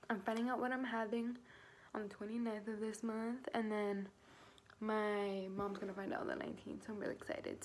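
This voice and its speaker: Talking to the camera with a mid-range voice over slight background noise, a pregnant teenager recounts her experience in a casual vlog. She rambles with lots of fillers and curses without hesitation.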